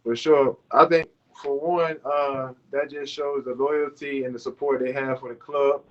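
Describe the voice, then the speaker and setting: A man's voice: mid-range voice, a little slow. Rambling man in his thirties on lo-fi call. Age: 30s. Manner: relaxed and rambling, with many fillers. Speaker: overseas basketball player, guest. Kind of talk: casual interview chat. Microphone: video call. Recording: lo-fi internet call audio.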